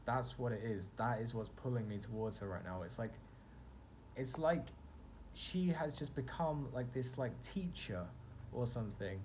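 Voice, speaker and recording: A young man tells a personal story to camera in a loose, rambling way, leaning on lots of likes and you-knows. His voice sits at an ordinary middle pitch, and a faint hum of background noise runs under the recording. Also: moderate pace, darkish tone. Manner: rambling, filler-heavy, self-reflective. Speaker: vlogger. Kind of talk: casual storytelling monologue.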